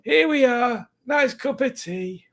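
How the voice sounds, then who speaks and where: A man doing a quirky old northern man fussing over his tea. The voice sits far higher than ordinary speech, chirpy and homely, with a cosy sing-song lilt. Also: animated, takes it slowly, a little hiss or hum, full character voice.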